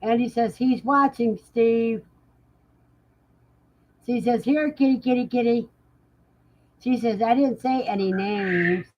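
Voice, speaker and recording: A woman's voice: fairly high pitch, steady tone, a little mellow, a little hiss or hum, rough recording. A woman hosting a livestream, casually reading out viewers' comments and answering them, laughing often. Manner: unhurried, chatty, laughs often. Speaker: livestream host.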